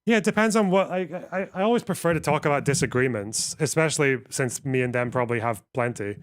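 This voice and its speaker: A man's voice: mid-range voice, fast, no room sound, clean studio sound. A man chatting casually on a live stream, rambling and swearing as he reacts to chat.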